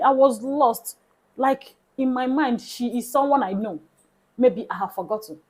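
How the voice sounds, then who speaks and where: Animated Nigerian woman telling a story. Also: on the high side, measured pace, low-quality recording. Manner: animated, swings into soft hushed tones. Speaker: vlogger. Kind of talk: casual storytelling.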